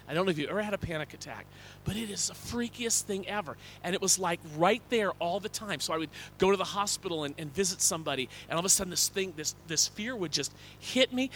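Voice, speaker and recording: A man's voice: high-pitched, sharp tone, slight background noise. A man preaching a sermon as a pastor, earnest and conversational, often repeating words and asking "okay?".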